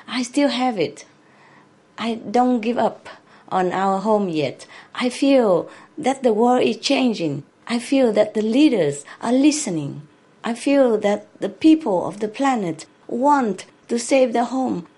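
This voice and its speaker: A woman's voice: medium pitch, mellow. A woman answering a question in an earnest, heartfelt way, repeating her phrases and laughing between them. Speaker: invited speaker answering questions.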